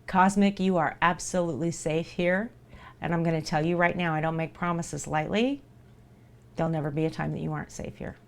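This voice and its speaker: A woman's voice: deep voice, steady tone, a little fast, creaky. A woman streamer talking live to her viewers in an earnest, reassuring way, repeating herself for emphasis.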